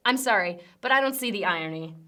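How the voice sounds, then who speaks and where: A woman's voice: mid-range voice, expressive, quick pace, bright, forceful tone. A young woman hosting a comedic news rundown, delivering sarcastic punchy jokes. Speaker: host.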